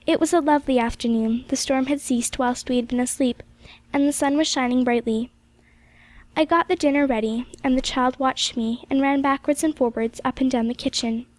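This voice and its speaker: A woman narrates a classic novel as an audiobook, gentle and measured. Her voice sits high and the recording is close and dry, with no room sound. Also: fairly even intonation, no echo. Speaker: audiobook reader.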